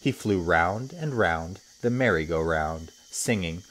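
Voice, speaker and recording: A man, a teacher, reading a children's story aloud with expressive storytelling. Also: low-pitched, a little slow, few pauses.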